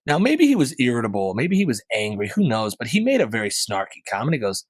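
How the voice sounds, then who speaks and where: A man hosts his own podcast and chats casually through the news, often rambling and tossing in asides. His voice sits at a middle pitch. The sound is dry and close, with no room echo. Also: huge pitch swings, quick pace, hardly any pauses, slightly rough. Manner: rambling, conversational, with frequent fillers and asides. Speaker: podcast host. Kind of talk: casual solo commentary.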